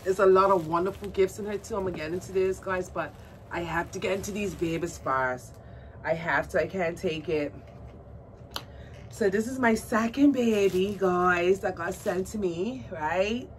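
A woman vlogging about her doll collection in a casual unboxing chat, gushing and excitable, cooing at a doll in baby talk. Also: fairly low pitch, moderate pace. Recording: distant mic with faint background noise.

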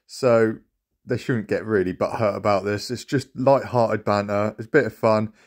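A man's voice: medium pitch, a little mellow. A young adult man hosting a gaming channel, delivering a comedic roast tier list with mocking banter and dramatic announcer-style reveals.

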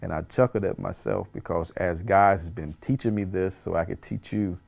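A man's voice: low-pitched, moderate pace, gravelly, a little mellow. A man, a pastor, teaching a Bible study in an earnest way, repeating phrases for emphasis and chuckling at himself.

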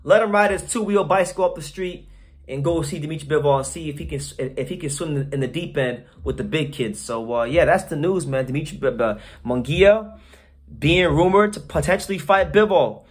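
A man's voice: on the high side, brisk, husky. A man hosting a boxing channel, giving casual, opinionated commentary to his viewers in a slangy, blunt way, often repeating and restarting words.

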